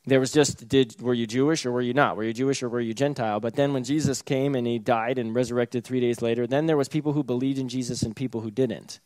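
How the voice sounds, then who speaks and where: A man's voice: mid-range voice, fairly even intonation, fast talker, hardly any pauses, darkish tone, no room sound. A man preaching a sermon in a casual, conversational way, with sarcastic asides and chuckles. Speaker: pastor.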